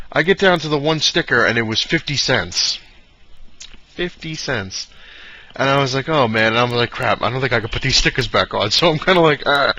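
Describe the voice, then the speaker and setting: Young male vlogger, talks fast, rambling storyteller, muffled lo-fi sound. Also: mid-range voice, pushed and bright, dry recording. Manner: chatty storyteller who keeps repeating "I was like". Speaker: comic collector vlogger. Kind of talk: rambling anecdote to camera. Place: home with pets around. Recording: dull lo-fi recording.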